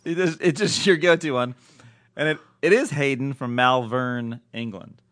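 A man's voice: medium pitch, moderate pace, a bit bright, dry recording, clean studio sound. A man hosting a casual comedy podcast, rambling off the cuff and laughing often. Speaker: podcast host.

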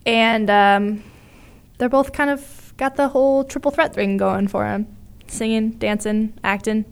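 A woman's voice: on the high side, fairly even intonation, a little slow, gravelly, clear, resonant tone. A woman co-hosting a casual chat about musicals, chatty and enthusiastic, with many fillers. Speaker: podcast co-host.

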